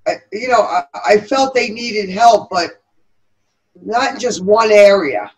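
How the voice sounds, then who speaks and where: A middle-aged woman from New York City with a New York accent, giving earnest, halting interview answers about the veterans' chamber she co-founded, with many pauses and fillers. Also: mid-range voice, a little mellow, low-quality recording.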